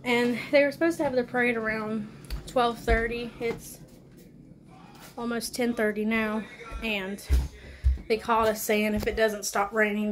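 A woman chatting casually to camera at home, rambling with soft laughs, a bit out of breath. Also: a little high, noisy background. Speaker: vlogger. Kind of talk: casual home vlog chat. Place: home, indoors and outdoors.

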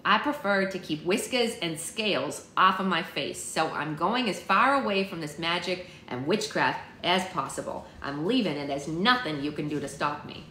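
A woman's voice: fairly low pitch, lively intonation, normal speed, hardly any pauses, bright, forceful tone, a little hiss or hum. Woman doing a grumpy rebel witch girl, blunt and defiant, echoey room.

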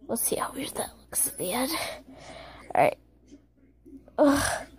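A young woman from Wisconsin, a vlogger rambling casually and excitably while a bit sick, filming on her phone at home and out on the porch. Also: sits high, measured pace, in a whisper. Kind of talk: casual vlog chat. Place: home, then outdoors on a porch in snow. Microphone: handheld phone.

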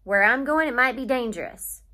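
A woman's voice: fairly high pitch, lively intonation, normal speed, pushed and bright. A woman reading aloud, voicing a stubborn, brooding seventeen-year-old frontier youth in a storybook. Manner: curt, sullen.

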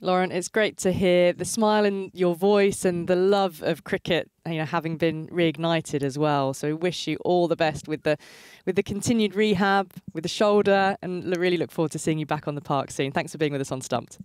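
A woman hosting a radio interview, with a smooth, measured presenter delivery. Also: fairly low pitch, a little mellow, no room sound. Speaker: radio show host.

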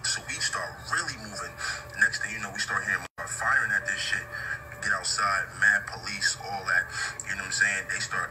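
A low-voiced man recounts what he witnessed in loose street slang, stringing his story together with "like" and "you know". He comes from a played clip with music running clearly beneath him. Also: low-quality recording. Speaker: eyewitness. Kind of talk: casual retelling of an event.

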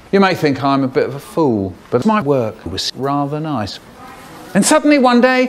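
A man's voice: mid-range voice, a little hiss or hum. A British man telling a wry, theatrical story about his work as a cashier. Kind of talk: anecdotal storytelling.

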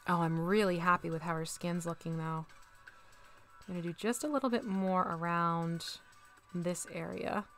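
A woman's voice: lowish voice, steady tone, moderate pace, faint music behind. A young woman chatting casually on a livestream while she paints miniatures, bubbly and talkative as she reads chat.

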